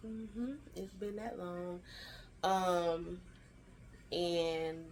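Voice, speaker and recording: Woman vlogger, 30s, lower register; lively, chatty storyteller. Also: very slow, slight background noise. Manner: animated storytelling, acts out quoted family lines; chatty and slangy, fillers like "child" and "y'all". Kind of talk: storytime vlog.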